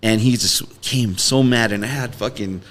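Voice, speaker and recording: A man, hosting a podcast in casual chat, animated and swearing, mimicking people in high voices. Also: normal speed. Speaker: podcast host, former radio host.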